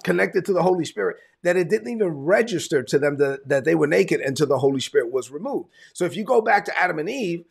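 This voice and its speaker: A man preaching a sermon in a conversational, emphatic way, repeating his points, with a gravelly, husky voice. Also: fairly high pitch. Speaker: pastor.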